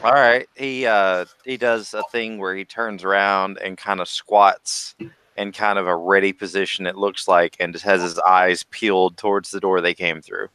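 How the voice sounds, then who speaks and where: Deep, bright-toned male tabletop player. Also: little pitch movement, moderate pace, clear, resonant tone. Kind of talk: describing his character's actions.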